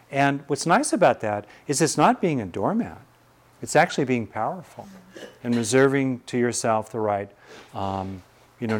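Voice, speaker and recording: A man teaching meditation, talking conversationally and telling stories as he answers questions. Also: mid-range voice. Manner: conversational, storytelling, folksy. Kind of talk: teaching talk with Q&A.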